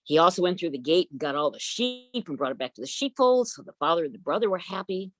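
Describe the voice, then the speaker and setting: Low-voiced woman telling a folk tale. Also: very animated, fast, no room sound. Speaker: storyteller. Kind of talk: oral storytelling. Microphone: video call.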